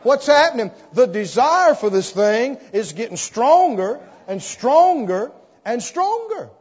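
A high-pitched man preaching slowly and deliberately, acting out little scenes as he tells his story. His voice rings through a large hall with a long reverb, and the recording sounds dull and muffled. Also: husky. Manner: animated storytelling, acts out scenes. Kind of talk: sermon.

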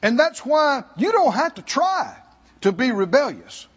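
Slow-preaching high-voiced man in a hall. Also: sing-song, husky. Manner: slow, pausing delivery with asides to the congregation. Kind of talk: sermon. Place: church hall. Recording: dull sound in a hall with long reverb.

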